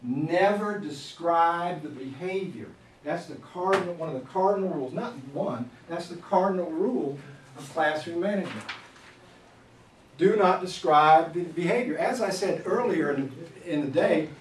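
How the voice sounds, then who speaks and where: A man in his fifties gives a lively classroom management workshop, his voice a little high and lively as he acts out scolding teachers and students. He is recorded from a distance in a roomy, echoing space, with faint noise underneath. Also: normal speed. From Florida, USA. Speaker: teacher trainer. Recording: echoey room, distant mic, faint noise.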